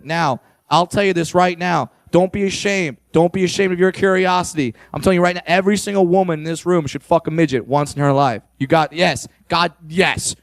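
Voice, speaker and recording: A man's voice: fairly high pitch, no room sound. A man doing a stand-up set, brash and crude, working the crowd and teasing audience members from the stage. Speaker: stand-up comedian. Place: on stage at a comedy club.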